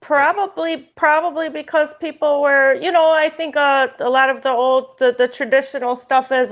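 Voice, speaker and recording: A woman hosting a casual spiritual chat podcast, talking in a rambling way with many restarts. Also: high-pitched. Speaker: podcast host. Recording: muffled lo-fi sound.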